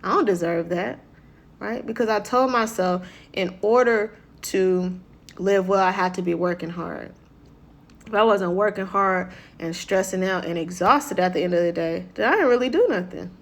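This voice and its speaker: A woman's voice: mid-range voice, normal speed. Woman speaker, conversational motivational talk, mid-range voice, keeps checking in with listeners. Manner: conversational, keeps asking "right?"; acts out quoted voices.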